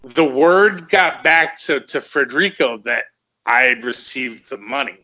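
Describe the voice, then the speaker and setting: A man's voice: medium pitch, unhurried, sharp tone, highs cut off. A middle-aged man, a former fighter, telling rambling, profane stories in casual conversation and often repeating himself.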